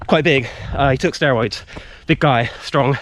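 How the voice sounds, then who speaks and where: A man vlogs in a wood at an unhurried pace, his voice medium in pitch, with slight noise behind him. Tired a little from running, he meanders through an animated, casual story heavy on fillers.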